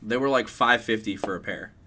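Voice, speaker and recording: A man's voice: fairly low pitch, fairly quick, sharp tone, a little hiss or hum. A young man co-hosting a podcast in casual chat, with dry, teasing remarks. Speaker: podcast co-host.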